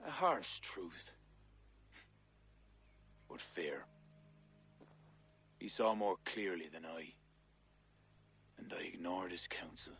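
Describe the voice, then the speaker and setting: An actor playing a stern, proud king who speaks in a grave, measured way in a video game. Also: low voice, expressive, creaky, a bit bright, slight background noise, heavily acted. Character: stern older male king, gruff and proud.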